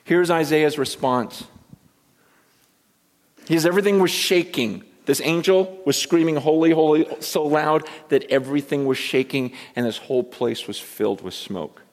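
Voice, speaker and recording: A male pastor preaching a sermon, swinging between loud emphasis and hushed asides and repeating words as he builds his points. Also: a little high, normal speed. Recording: long reverb from a large hall.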